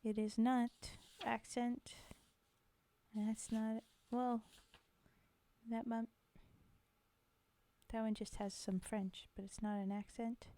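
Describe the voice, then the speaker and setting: A woman's voice: on the high side, flat delivery, slow pace, long pauses, warm tone. A woman hosting a casual livestream, chatting with viewers, giggling often and reading poetry aloud.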